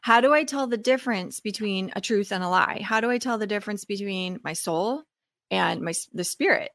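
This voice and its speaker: A woman co-host asks searching questions and rephrases them as she goes. Her pitch sits mid-range. The recording is dry and close. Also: a little fast, fairly bright tone, no room sound. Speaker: guest co-host. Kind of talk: asking a question on a podcast.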